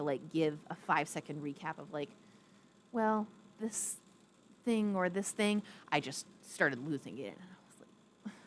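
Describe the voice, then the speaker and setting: A young adult woman chatting casually on a live stream, rambling and reading viewer comments aloud. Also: slight background noise. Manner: coos in a high baby voice to a pet. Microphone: streaming setup with a ring light.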